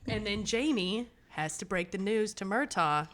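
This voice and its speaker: A woman's voice: medium pitch, animated, moderate pace, a bit bright. A woman hosting a podcast, recapping an episode in casual, sarcastic chat with some swearing. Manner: chatty and sarcastic, swears, trails off. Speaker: podcast host.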